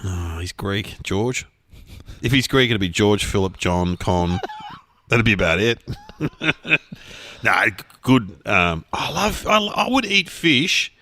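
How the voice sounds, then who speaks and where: A man's voice: fairly low pitch, big pitch swings, slow, pushed and bright. A middle-aged man co-hosting a podcast in casual comedic chat, a chatty storyteller who laughs often. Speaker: podcast co-host.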